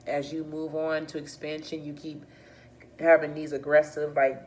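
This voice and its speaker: Blunt, low-voiced woman reading tarot. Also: completely flat delivery, moderate pace, a little mellow. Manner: blunt and profane, frequent restarts. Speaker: tarot reader. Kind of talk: casual tarot reading to camera.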